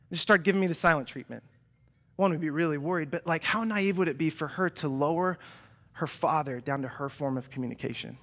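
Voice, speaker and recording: A young man preaching a sermon in a church, animated and chatty, often restarting his sentences and acting out quoted voices. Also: high voice, moderate pace. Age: young adult. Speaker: pastor. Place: church hall.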